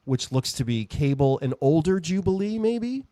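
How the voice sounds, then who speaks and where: Male podcast host, lively swooping delivery, a bit high, dry close sound, rambling and jokey. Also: normal speed, no echo. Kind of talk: casual podcast chat.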